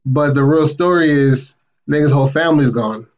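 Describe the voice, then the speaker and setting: A man co-hosting a podcast, casually retelling a story plot and acting out the characters' lines with a raised voice. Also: moderate pace. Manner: animated retelling, acts out quotes with raised pitch. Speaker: podcast co-host. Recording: muffled, lo-fi podcast audio.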